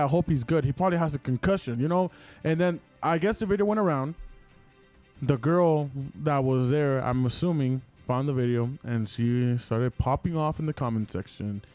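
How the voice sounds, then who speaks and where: A young man on a casual podcast recounts events in an animated rush, leaning on "like" as he goes. His voice sits a little high for a man, with faint music under the talk. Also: moderate pace. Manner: animated retelling, heavy use of "like". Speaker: podcast co-host. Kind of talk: casual chat.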